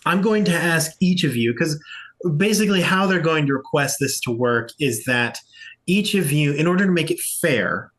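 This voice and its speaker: A man narrating and running a tabletop game as game master, explaining rules in a relaxed way. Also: on the high side, moderate pace.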